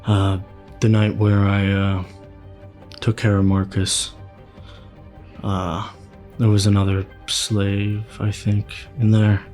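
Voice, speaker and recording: A man playing a tabletop game, telling his character's story slowly. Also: on the low side, monotone, darkish tone, faint music behind. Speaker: player.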